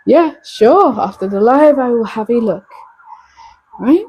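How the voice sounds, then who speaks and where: Young female streamer, casual live chat, slow delivery, soft mellow tone. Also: a little high, slightly rough, poor audio. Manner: relaxed, hesitant with frequent ums. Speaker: live-stream host chatting with viewers.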